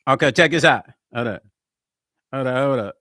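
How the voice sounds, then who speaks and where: A middle-aged man, a musician and producer, chatting casually in a vlog while he builds a track, excitable and slangy, forever saying hold on. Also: medium pitch, normal speed, no room sound, clean studio sound. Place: music studio.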